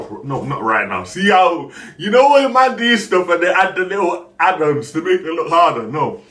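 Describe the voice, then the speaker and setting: A young man, a streamer casually telling a story, acting out other people's lines and breaking into shouts. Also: sits high, sing-song, normal speed, hardly any pauses. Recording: roomy echo, voice far from the mic, faint background noise.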